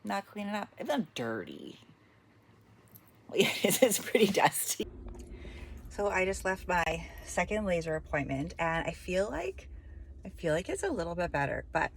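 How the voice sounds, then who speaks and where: A middle-aged woman vlogging casually, chatty and candid, often dropping into soft near-whispers. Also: on the low side. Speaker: vlogger, fitness competitor. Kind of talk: casual vlog talk to camera. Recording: echoey room, faint background noise.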